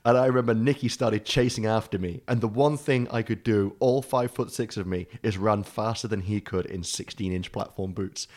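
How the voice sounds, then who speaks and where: A man with a low voice telling a story in casual chat, rambling, swearing freely and laughing often. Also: moderate pace, hardly any pauses, a little mellow. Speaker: podcast co-host telling a story.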